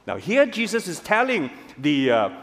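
Male pastor, high voice, preaching in a hall with a long echo. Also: normal speed. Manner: animated, calls on the congregation to respond. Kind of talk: sermon. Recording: reverberant hall.

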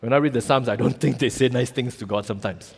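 A man's voice: medium pitch, fast talker, gravelly, breathy edge. A man preaching a sermon, telling the story animatedly with casual fillers and acting out voices. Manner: casual local fillers like "lah" and "ah". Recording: reverberant hall.

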